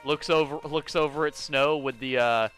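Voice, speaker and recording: A young man streaming a video game, chatting casually with his viewers, excitable and quick to swear. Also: a little high, soft background music. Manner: excitable, swears often, talks to chat. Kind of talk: casual live-stream commentary.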